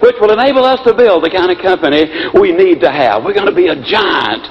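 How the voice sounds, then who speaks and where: A man's voice: high voice, expressive, brisk. A man doing an indignant ranting boss. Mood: earnest. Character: hot-tempered male company boss. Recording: dull lo-fi recording, faint hiss.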